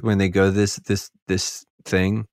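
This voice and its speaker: Low voiced guy rambling on a podcast, lots of likes and ums, worked up, dry sound. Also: little pitch movement, slow, a little mellow, no room sound. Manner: rambling, heavy on filler words, gets heated. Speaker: podcast speaker. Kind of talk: casual podcast conversation.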